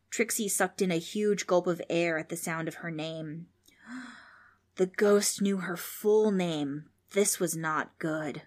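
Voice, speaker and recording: A woman narrating a children's storybook in an expressive, playful way. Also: fairly low pitch, slow.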